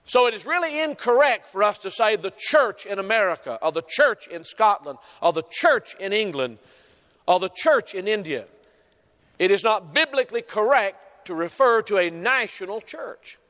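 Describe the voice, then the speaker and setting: A man's voice: sits high, lively intonation, moderate pace, a bit bright. A man preaching a sermon as pastor, emphatic, repeating key phrases and stretching out stressed words. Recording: long hall reverb.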